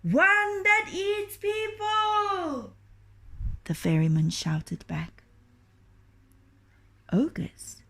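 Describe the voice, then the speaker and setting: A woman reading a children's storybook aloud, expressive and often dropping into a hushed whisper. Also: low-pitched, husky.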